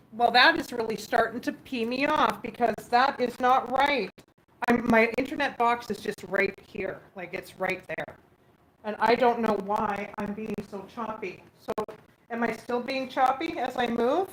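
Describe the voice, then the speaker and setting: A woman hosting a casual live stream from her home kitchen on a phone, chatting and reading out viewer comments as she answers them. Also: on the high side. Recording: echoey room, faint background hum.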